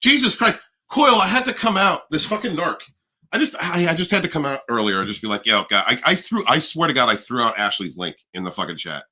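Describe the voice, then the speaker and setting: A man hosting a casual livestream chat, animated and profane, rambling with restarts. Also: a little high, a little fast. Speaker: livestream host.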